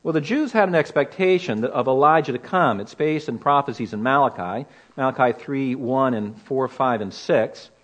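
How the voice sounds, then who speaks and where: A man's voice: mid-range voice, moderate pace, few pauses. A man teaching through a Bible passage in an earnest, emphatic way, often asking rhetorical questions. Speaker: preacher.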